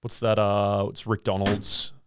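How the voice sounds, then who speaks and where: A man's voice: on the low side, completely flat delivery, a little slow, fairly bright tone, a little hiss or hum. A young man with an Australian accent, co-hosting a podcast in a playful, dry, agreeable way. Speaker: podcast co-host. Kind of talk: casual chat.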